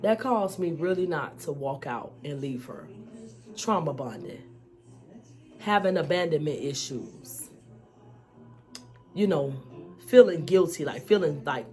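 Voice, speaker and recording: A woman's voice: low-pitched, lively intonation, a little slow, a little mellow. A woman telling her own life story to the camera in a candid, emphatic way, often saying "you know" and "y'all". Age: adult, mother of school-age children. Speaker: vlogger. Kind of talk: personal storytelling vlog.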